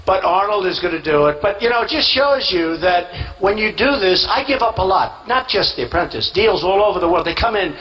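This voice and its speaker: A man's voice: high-pitched, expressive, brisk, a bit bright, rough recording. A man giving a rally speech as a candidate, boastful and rambling, repeating himself and acting out quoted dialogue.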